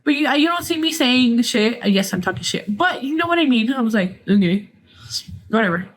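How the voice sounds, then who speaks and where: Gossiping casually on her podcast, this host speaks Mexican-American English dotted with Spanish phrases. Her voice is on the high side, animated and a little fast, and her stories come out blunt, sarcastic and full of swearing.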